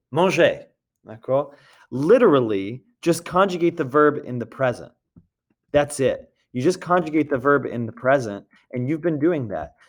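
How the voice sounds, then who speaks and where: Patient man teaching a grammar lesson. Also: medium pitch. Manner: patient, repeats points, checks in with "d'accord". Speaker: French teacher. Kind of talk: recorded classroom grammar lesson.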